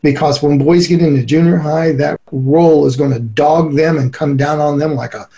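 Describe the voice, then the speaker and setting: A middle-aged man giving an earnest, animated interview as a relationship expert, often breaking into laughter. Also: on the high side, normal speed. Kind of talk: conversational interview.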